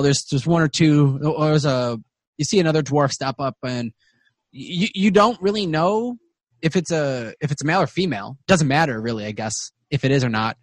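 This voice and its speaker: A man's voice: medium pitch, no echo. A man narrating as game master in a tabletop game, rambling and restarting often. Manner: rambling, full of fillers and restarts.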